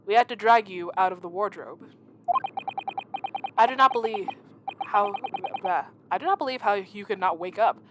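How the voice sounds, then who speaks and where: A woman voicing a gruff, pompous male officer in a clumsy mock-Russian accent, reading lines over game music. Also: medium pitch, normal speed, pauses often, background noise, close to an everyday voice. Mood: accusing. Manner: clumsy, overdone, menacing.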